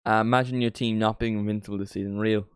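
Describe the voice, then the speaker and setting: A man's voice: lowish voice, fairly even intonation, quick pace, clean tone, no echo. A man hosting a live football watchalong, chatting casually with a jokey, rambling manner.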